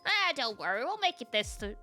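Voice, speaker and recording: Woman reading a calm guide character, bright lively voice. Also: fairly high pitch, fairly quick, faint music behind. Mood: urgent. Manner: steady, gentle reading of game text. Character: calm, reassuring guide aboard a spaceship.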